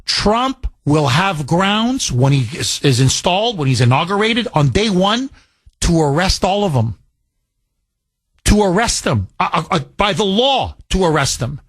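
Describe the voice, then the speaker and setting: A man's voice: high-pitched, sing-song, measured pace, no room sound. A man hosting a call-in political talk radio show, talking emphatically with repeated phrases and rambling asides.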